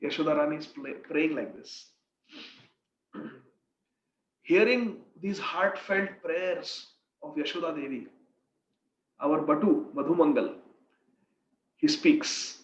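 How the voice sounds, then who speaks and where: A man narrating a devotional story in an earnest, expressive way. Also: a little high, takes it slowly, long pauses. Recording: echoey room, dull lo-fi sound.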